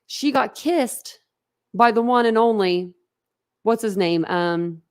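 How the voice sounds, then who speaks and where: A woman's voice: fairly high pitch, takes it slowly, smooth. A woman hosting a livestream, chatting casually and bluntly with viewers, rambling and laughing often. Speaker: livestream host. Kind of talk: casual chat with live viewers.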